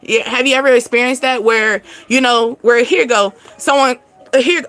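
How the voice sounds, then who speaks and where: A woman's voice: a little high, normal speed, a bit bright. A woman, giving a casual spiritual tarot card reading in a chatty, repetitive way with frequent laughs.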